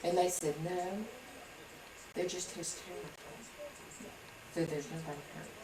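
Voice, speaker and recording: A woman with a low voice tells a rambling story at home. She acts out everyone's lines as she goes. She is heard from across an echoey room on a home video, with steady noise behind her. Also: a little slow. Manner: rambling, acts out quoted dialogue. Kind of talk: casual storytelling. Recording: roomy home video from a distance, background noise.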